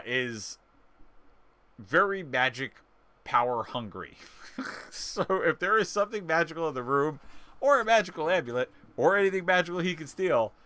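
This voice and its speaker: A man narrates as game master of a live tabletop game in a mid-pitched, bright voice. His delivery rambles with frequent fillers and laughs as he describes the scene.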